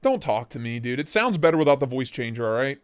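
A man hosting a casual livestream, talking in an excitable, slangy way and swearing freely. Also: medium pitch, fast talker, smooth. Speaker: livestream host.

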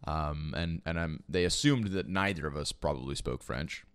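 This esports caster and podcast host from Quebec, Canada, is a young man with a very deep, clear, resonant voice, speaking at normal speed with no echo. His casual story wanders, laced with profanity and fillers like "you know" and "like."

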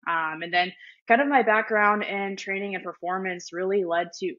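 A woman who works as a strength coach, talking as a podcast guest in a friendly, quick way with many fillers. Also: medium pitch, lo-fi sound. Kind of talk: casual interview chat.

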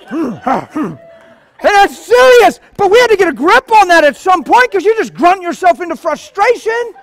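An animated male preacher delivering a sermon in a church. His voice sits high for a man, and he tells stories with swings from quiet asides to loud bursts. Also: moderate pace.

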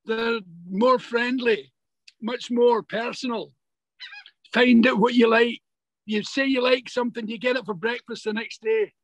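An older man, an actor, telling stories in a remote interview over a video call, halting and repeating words as he goes. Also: very high-pitched, fairly even intonation, a bit bright, no echo, poor audio. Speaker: actor guest. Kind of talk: remote interview, casual storytelling.

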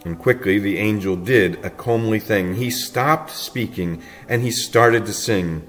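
Slow, tender male storyteller. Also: on the low side, faint music behind. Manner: tender, playful storytelling with soft chuckles. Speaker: audiobook reader. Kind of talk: storybook narration.

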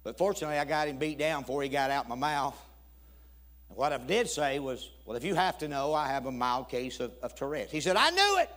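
Man, preacher, folksy storytelling sermon, humorous, acts out dialogue, mid pitch. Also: fairly quick. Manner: folksy, humorous, acts out both sides of a conversation. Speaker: guest preacher. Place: church sanctuary.

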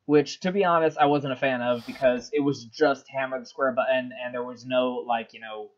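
A woman's voice: a bass voice, fairly even intonation, moderate pace, lo-fi sound. A woman commentating on a video game she is playing. She is sarcastic and swears casually, and often breaks into helpless laughter and squeals. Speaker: video game let's player.

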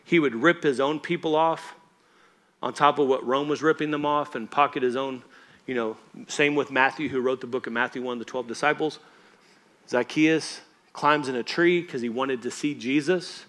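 Male pastor, conversational and emphatic preaching, regular pitch, asks the room if they're with him. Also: normal speed, fairly bright tone. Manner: conversational and emphatic, often asks the congregation if they follow. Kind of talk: sermon. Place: church.

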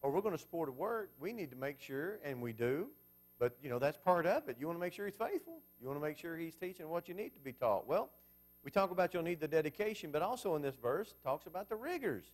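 A man's voice: a little high, very animated, fast. A man preaching a Bible class sermon in a conversational way, asking the congregation questions as he goes.

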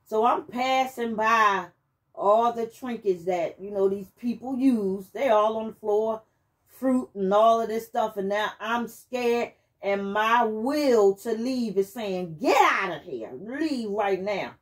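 A woman sharing a personal testimony as she hosts her channel, telling it in an animated, emphatic way and speaking directly to her listeners. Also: on the high side, slow. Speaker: channel host giving testimony.

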